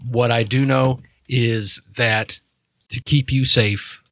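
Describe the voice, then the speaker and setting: A man plays a guarded woman keeping secrets in a tabletop game, defensive and evasive, swearing when cornered. Her delivery sits at a middling pitch in a dry, close setting with no room around it. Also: fairly even intonation, takes it slowly, fairly bright tone, dry recording. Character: guarded secretive woman, older-sister figure.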